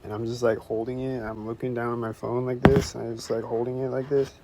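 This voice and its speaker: A man's voice: medium pitch, little pitch movement, fast. A man telling a rambling, profane story in a casual podcast monologue, recorded outdoors near traffic. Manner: rambling, profane, quotes others in raised voice. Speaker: podcast host.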